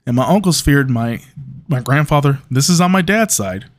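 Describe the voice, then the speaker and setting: A man in his mid-thirties talks alone into the mic as a podcast host. He rambles casually, trips over his words and restarts, and swears freely. His pitch sits right in the middle for a man. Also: expressive, moderate pace. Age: 30s. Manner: rambling, laughing storyteller with restarts and profanity. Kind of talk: casual solo monologue.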